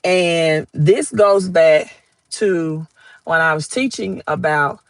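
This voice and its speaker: A man's voice: a little high, slow pace, smooth, rough recording. A man with a Southern US accent giving casual finance commentary, rambling and often checking in with "right?".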